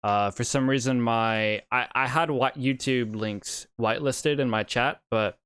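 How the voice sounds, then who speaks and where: Brief: slow, smooth-voiced male streamer, casual chat. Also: medium pitch, fairly bright tone, no room sound. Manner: laid-back, rambling with fillers.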